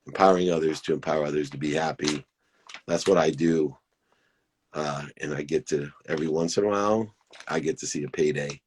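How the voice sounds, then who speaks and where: A man's voice: rumbling low, fairly quick, darkish tone, a little hiss or hum. A man hosting a live-stream motivational talk, earnest and emphatic, repeating his key phrases.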